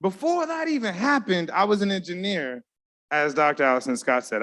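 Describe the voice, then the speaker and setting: A man's voice: on the high side, expressive, a little fast, a bit bright. A man giving an emotional, earnest award speech from an awards ceremony stage, talking straight to the crowd. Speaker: award presenter.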